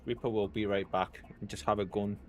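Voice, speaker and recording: A man's voice: on the low side, steady tone, fairly quick, highs cut off. A man streaming a video game, chatting casually to his viewers as he plays. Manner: chatty, talks to chat while playing. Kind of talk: casual let's-play commentary.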